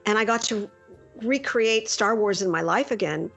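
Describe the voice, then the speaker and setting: A middle-aged woman tells a story in a relaxed interview, giving the people she quotes little voices of their own. Her pitch sits in an ordinary middle range. Faint music plays quietly behind her. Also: normal speed, vocal fry. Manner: lively anecdotal, acts out quoted lines. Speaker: voice actress guest.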